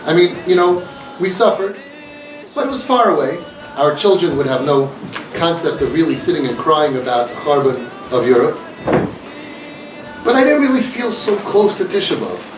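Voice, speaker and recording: A man's voice: fairly high pitch, expressive, normal speed, long pauses, over music. A man giving an earnest, emphatic talk to an audience, repeating his points, recorded from a distance. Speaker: inspirational speaker. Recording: echoey room, mic far off, faint noise.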